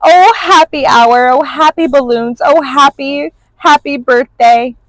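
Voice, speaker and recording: A woman's voice: on the high side, unhurried, a little mellow, dry recording, voice pushed up, natural voice, low-quality recording. A woman voicing an old male storybook dragon who talks in a sobbing, exclaiming way. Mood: overjoyed. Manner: sobbing, then overjoyed and exclaiming.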